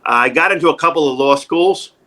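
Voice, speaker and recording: A middle-aged man with a New York accent, telling jokey stories in a casual interview, animated and wisecracking. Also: a little high, fast. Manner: animated, wisecracking, jumps into quoted voices. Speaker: actor and comedian, interview guest. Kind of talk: casual interview, joking storytelling.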